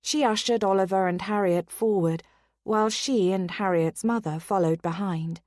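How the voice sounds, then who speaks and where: A woman narrating a romance audiobook in a steady, unhurried reading voice on a close studio mic. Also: mid-range voice, dry recording.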